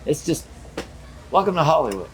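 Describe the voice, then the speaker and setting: With a slightly high voice at a moderate pace, this older man shares stories in an easygoing interview about being a theme park character performer. He acts out the dialogue vividly. A little hiss or hum is audible.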